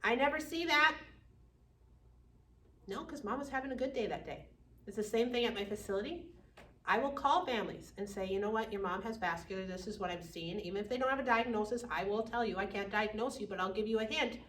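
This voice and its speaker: A woman teaching a class on dementia care, lively, acting out family members and residents. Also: medium pitch, quick pace. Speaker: dementia educator. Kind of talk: classroom lecture. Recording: echoey room from far off.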